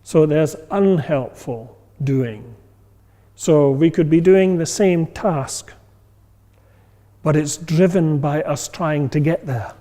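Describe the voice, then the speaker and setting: A man's voice: on the high side, takes it slowly, warm tone. Man teaching meditation in a reverberant hall. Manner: conversational, many fillers, acts out inner voices. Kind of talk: informal class talk.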